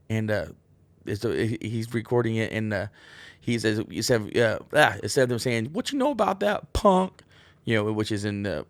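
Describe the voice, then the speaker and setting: A man's voice: lowish voice, no room sound. A man hosting a casual show, telling rambling profane stories full of fillers and restarts. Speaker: podcast host. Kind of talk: casual storytelling monologue.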